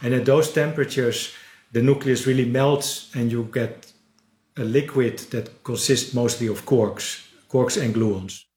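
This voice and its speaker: A man who is a particle physicist, giving careful, measured explanations. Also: mid-range voice, darkish tone, breathy edge.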